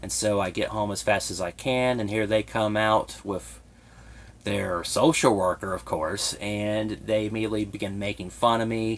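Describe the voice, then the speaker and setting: Young guy, kinda low voice, timid and raw, keeps restarting sentences, confessional vlog vibe. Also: a bit bright. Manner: hesitant, halting storytelling with many restarts. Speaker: vlogger.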